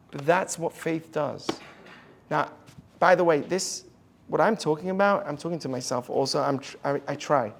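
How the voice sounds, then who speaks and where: A man's voice: a little high, moderate pace, creaky, slight background noise. A man, a rabbi, giving an inspirational talk to an audience and telling stories in an earnest way. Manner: earnest storytelling, drops to a hush for quoted lines.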